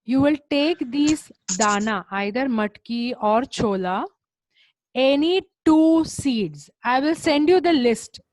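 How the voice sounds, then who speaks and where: High-voiced Indian woman teacher. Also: expressive, takes it slowly, darkish tone. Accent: Indian English. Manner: repeats instructions, switches into Hindi, scolds students by name. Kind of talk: online class instruction. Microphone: video call.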